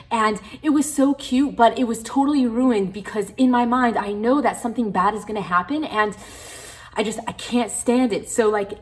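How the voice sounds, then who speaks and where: A woman with a mid-range voice talks casually to her camera as a book vlogger. Her speech is full of "like" and spills into frustrated rants with plenty of swearing. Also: medium pitch. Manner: frustrated, animated ranting with frequent "like"; swears freely. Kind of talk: casual reading vlog.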